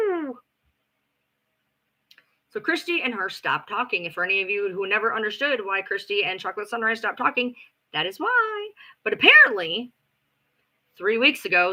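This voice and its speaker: Animated, sarcastic middle-aged woman. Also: mid-range voice. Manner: animated, profane, sarcastic gossip with acted-out quotes. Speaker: livestream host. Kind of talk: casual storytelling on a livestream.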